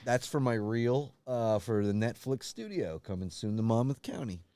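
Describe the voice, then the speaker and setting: A man co-hosting a podcast, telling absurd stories in a deadpan way and directing comic bits. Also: medium pitch, moderate pace, a little hiss or hum. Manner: deadpan storytelling breaking into mock wailing. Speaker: podcast co-host.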